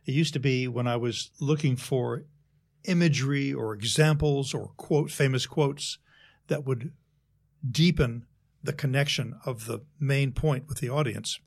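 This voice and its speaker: Man explaining speechwriting in a measured way. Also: medium pitch, creaky. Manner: measured, explanatory, uses worked examples. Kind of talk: conversational interview.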